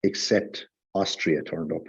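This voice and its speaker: A man's voice: low voice, fairly even intonation, measured pace, breathy edge, highs cut off. A man giving a heated, sarcastic rant in a casual podcast chat. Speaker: podcast guest.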